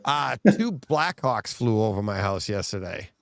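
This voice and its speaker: A man's voice: lowish voice, very animated, unhurried, gravelly, no echo, studio quality. A man co-hosting a podcast in casual chat, telling rambling stories and laughing often mid-sentence. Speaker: podcast co-host.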